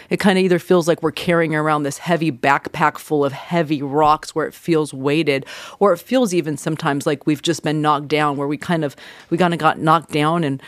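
A woman's voice: low-pitched, no room sound. A middle-aged woman therapist hosting a podcast, giving casual, conversational advice with frequent fillers.

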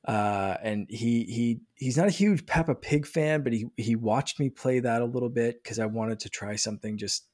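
Excited, rambling man in casual chat. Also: mid-range voice, normal speed, hardly any pauses. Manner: rambling, excited, many restarts.

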